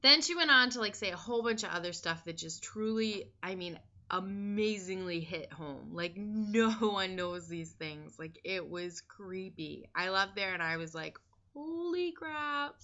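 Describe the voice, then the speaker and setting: A woman vlogger chats candidly in a casual diary style, filling pauses with ums and likes. Her voice sits a little low but has a bright, forceful edge. The recording is dull and lo-fi. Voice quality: chatty, filler-heavy and candid.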